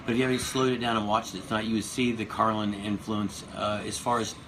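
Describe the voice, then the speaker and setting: Casting: man in his 50s, comedian guest, fast-talking, loose and profane, noisy recording. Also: lowish voice. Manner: animated, profane storytelling with many restarts. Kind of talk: casual interview chat.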